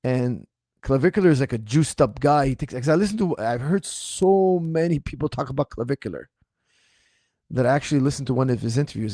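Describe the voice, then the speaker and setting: A martial arts coach fields viewer questions on a casual livestream, sounding animated, incredulous, and mocking, with a slightly strained voice. His pitch is medium and his pace a little fast, recorded dry at studio quality.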